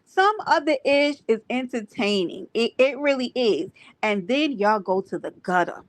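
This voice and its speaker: A woman hosting a livestream, greeting her chat and ranting in an animated, profane, emphatic way. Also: a little high, a little slow. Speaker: livestream host. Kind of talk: livestream rant and viewer chat.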